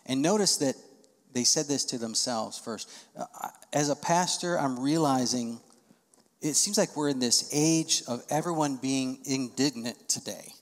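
A man's voice: mid-range voice, unhurried, big-room sound. A male pastor preaching an expository sermon, walking through a passage verse by verse and acting out the voices of the people he quotes. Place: church auditorium.

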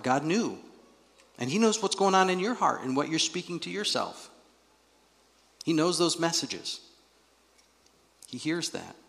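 A male pastor preaching a sermon in a church, animated and acting out the voices he quotes. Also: medium pitch, creaky. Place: church sanctuary. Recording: long reverb of a large hall.

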